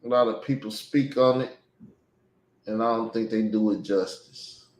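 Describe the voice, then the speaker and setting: A man hosting a casual discussion, setting up topics with short, unhurried prompts. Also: on the low side, fairly even intonation, a little mellow. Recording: echoey room.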